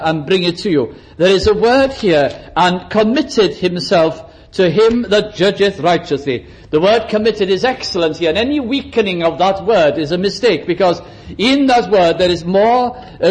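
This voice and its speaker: A man's voice: high voice, a little mellow, low-quality recording. A man preaching a sermon, dramatic, shifting his pace and acting out quotes for emphasis.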